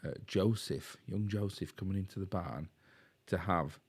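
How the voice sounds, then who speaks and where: A man's voice: low voice, normal speed, a little mellow, breathy edge. A man with a Yorkshire accent, co-hosting a podcast and casually recapping a film plot with fillers and tag questions. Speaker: podcast co-host.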